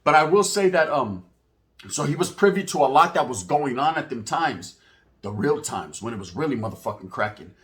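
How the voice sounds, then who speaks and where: A man's voice: mid-range voice, sing-song, normal speed, a bit bright. A man, hosting his channel and telling a story in a casual, profane street-slang style sprinkled with Spanish words. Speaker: channel host.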